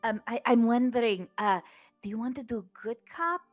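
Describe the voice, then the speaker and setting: A woman's voice: fairly high pitch, normal speed, slight background noise. A woman playing a tabletop game, hesitant and full of fillers. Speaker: player. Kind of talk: casual tabletop play.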